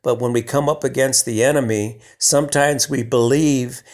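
Guy preaching a sermon, chatty and conversational, gets loud on a point then goes real soft. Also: mid-range voice, fairly even intonation, moderate pace. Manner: conversational, with emphatic swells and hushed soft passages.

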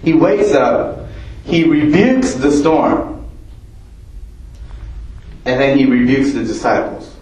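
A male preacher delivers a sermon in an easy, conversational way and keeps asking his congregation questions. He speaks at an unhurried pace. His voice carries the roomy echo of a church hall. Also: mid-range voice, expressive, a little mellow.

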